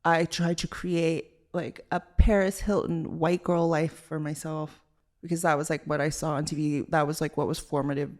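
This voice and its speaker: A woman's voice: deep voice, steady tone, moderate pace, darkish tone. A young woman from Los Angeles hosting a casual solo podcast, chatty and loose, with lots of "like" fillers. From Los Angeles, Southern California. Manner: chatty, valley-girl style with many "like" fillers. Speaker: podcast host.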